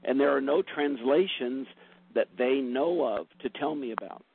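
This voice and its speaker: Gravelly male caller over phone line. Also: medium pitch, normal speed, a little hiss or hum. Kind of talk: radio call-in question. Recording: tinny phone line on radio.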